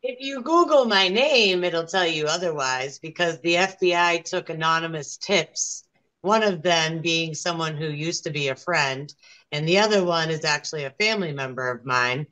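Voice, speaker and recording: A woman's voice: sits low, normal speed, sharp tone, rough recording. A young woman giving an interview, telling her story in an earnest, aggrieved way. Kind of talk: casual interview.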